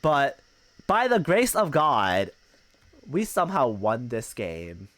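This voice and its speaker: A man's voice: mid-range voice, big pitch swings, takes it slowly, fairly bright tone, dry recording. A male streamer telling a gaming story in casual, profane chat, mocking the people he quotes.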